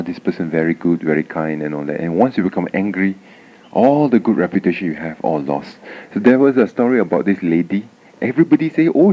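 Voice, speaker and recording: Animated man giving a dharma talk on tape. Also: sits low. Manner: animated storytelling, frequent "huh?" tag questions. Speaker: Buddhist dharma speaker. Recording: dull lo-fi 1989 tape recording.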